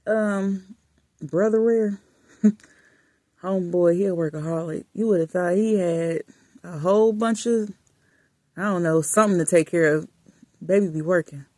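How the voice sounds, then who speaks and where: Low-voiced woman chatting from bed. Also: unhurried, long pauses, no room sound, clean studio sound. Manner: chatty, affectionate, drifts into soft murmurs. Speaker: vlogger. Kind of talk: casual chat. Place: lying in bed in a dark room.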